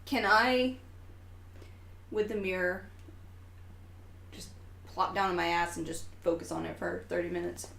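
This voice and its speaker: A woman's voice: fairly low pitch, level tone, unhurried, creaky, pauses often, a bit bright. A woman at the gaming table talks earnestly and a touch anxiously about her options. The room is echoey, with a faint hiss in the background. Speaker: player. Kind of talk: tabletop role-play.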